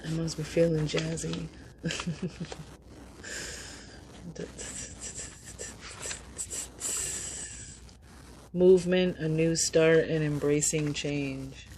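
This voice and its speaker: A woman giving a casual, upbeat tarot reading, chatty and quick to laugh. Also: sits low, flat delivery, a little mellow, slight background noise, poor audio. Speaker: tarot reader.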